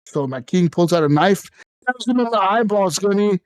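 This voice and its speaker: A man co-hosting a casual gaming podcast, telling stories in an animated, profane way with sudden jumps up in pitch. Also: moderate pace. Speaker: podcast co-host.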